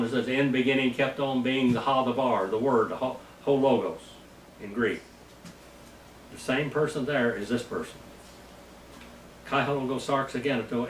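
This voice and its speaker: A hoarse man teaching a slow, deliberate Bible lesson, sounding out Hebrew words syllable by syllable. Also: mid-range voice, reverberant, distant mic, a little hiss or hum, rough recording. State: hoarse, losing his voice.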